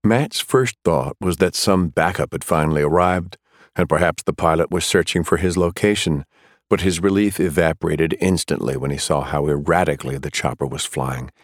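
A man narrating a thriller audiobook in a measured, steady way. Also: a bass voice, no echo, clean studio sound.

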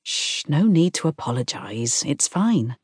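A woman voicing a warm young woman who speaks brightly, teasing and reassuring. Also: sits low, big pitch swings, a little slow, breathy edge, no echo, clean studio sound, exaggerated voice. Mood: teasing, soothing.

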